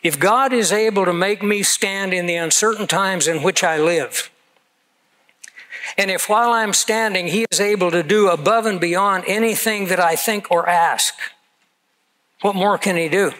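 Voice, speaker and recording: An older man in his seventies delivers a sermon, slipping easily into personal stories. His voice sits a little higher than most men's, and his delivery is earnest and conversational. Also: normal speed, pushed and bright, low-quality recording. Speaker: pastor.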